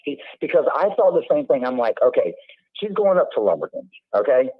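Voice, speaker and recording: A man's voice: medium pitch, big pitch swings, fairly quick, breathy edge, dry recording. A man hosting a casual call-in livestream, rambling and repeating words as he talks. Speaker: livestream host. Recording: tinny phone-like line, dry.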